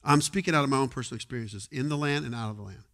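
A male pastor preaching a sermon in a conversational way, moving between quiet asides and loud exhortation. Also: mid-range voice, racing. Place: church sanctuary.

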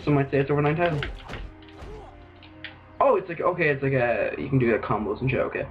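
Excitable Irish man with lively pitch. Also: fairly quick, faint music behind. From Ireland. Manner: rambling, excitable, swears a lot, sudden outbursts. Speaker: gaming video host. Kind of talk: let's play commentary. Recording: dull lo-fi recording.

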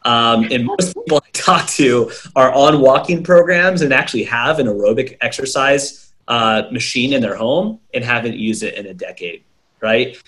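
A man's voice: medium pitch, moderate pace, fairly bright tone. A man, a young adult brain health coach, talking as an interview guest in an earnest, lecturing way, listing examples and checking in with "right?". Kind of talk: explanatory interview talk.

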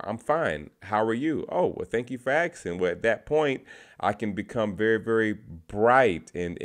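A man talking casually to camera, sharing tips from his sales calls and often repeating words as he goes. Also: lowish voice. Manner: conversational, repeats words, restarts phrases.

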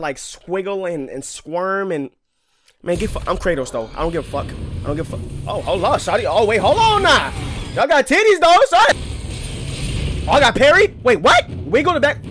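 A young man, commentating his gameplay with loud, excitable trash talk and sudden yelps. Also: high voice, fairly quick, a little hiss or hum. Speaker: gaming streamer. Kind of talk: let's play commentary. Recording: game soundtrack loud under voice. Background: game music.

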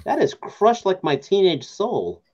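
A man's voice: sits high, big pitch swings, a little slow, a little mellow, dull audio. A man co-hosting a casual podcast, dropping wry joking asides. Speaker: podcast co-host. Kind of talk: casual chat.

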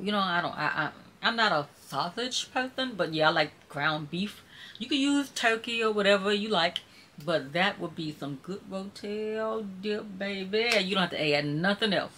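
Chatty Southern woman with a bright voice. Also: medium pitch, a little hiss or hum. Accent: Southern US, Mississippi. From Mississippi. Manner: chatty, folksy, reads out viewer comments. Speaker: YouTuber hosting a live stream. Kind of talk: casual live-stream chat.

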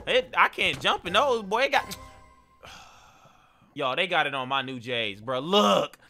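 A young man narrates his own gameplay in a high, very bright voice that leaps up and down with every reaction. He talks in loose slang and reacts loudly to each surprise. Faint music plays behind him. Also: slow pace. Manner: excitable, slangy, reacting out loud. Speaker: gameplay streamer. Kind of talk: Minecraft let's-play commentary.

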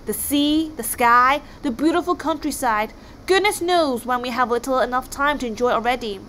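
A woman voicing a gentle, dreamy young male Viking, earnest and pleading. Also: high voice, normal speed, slight background noise.

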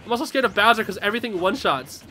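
A young man live-streaming a game, commenting casually and yelling and laughing at the action. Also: high-pitched, expressive, rapid-fire, loud music behind the voice. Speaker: streamer playing online matches.

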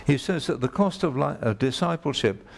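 A man's voice: fairly high pitch, lively intonation, normal speed, creaky, slight background noise. A man preaching a sermon to a congregation, emphatic, repeating key phrases and putting direct questions to his listeners.

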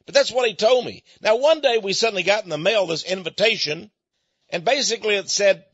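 A man's voice: sits high, fairly quick, a bit bright, husky, dry recording. A man from Texas, a radio host, speaking in a folksy conversational monologue and chuckling often. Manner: folksy storytelling with frequent chuckles. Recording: dull lo-fi recording.

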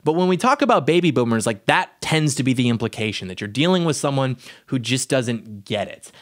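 A man's voice: mid-range voice, expressive, a little fast. A young man in his twenties delivering an indignant, sarcastic opinion monologue as a political commentator.

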